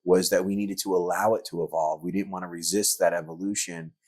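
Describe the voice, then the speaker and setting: A man's voice: low-pitched, steady tone, fairly quick, darkish tone, no room sound. A middle-aged man, a guest on a podcast interview, telling rambling anecdotes full of filler words. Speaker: guest, actor and filmmaker.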